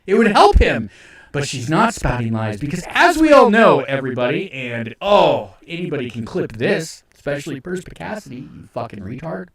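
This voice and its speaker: Animated, dry-sounding commentary man. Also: fairly high pitch, normal speed, few pauses, no echo. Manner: animated, exasperated, swears freely. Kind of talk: casual commentary.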